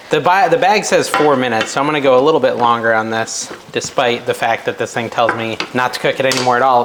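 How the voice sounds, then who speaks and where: A man's voice: mid-range voice, a bit bright, slight background noise. A young man hosting a casual cooking vlog in his home kitchen, chatty and self-deprecating as he thinks aloud while he cooks. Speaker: cooking video host.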